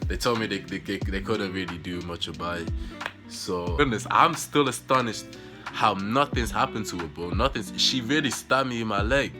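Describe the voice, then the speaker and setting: A young man telling a story in a casual, rambling way, full of fillers like "you know" and "bro". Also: lowish voice. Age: young adult. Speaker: vlogger. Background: guitar music.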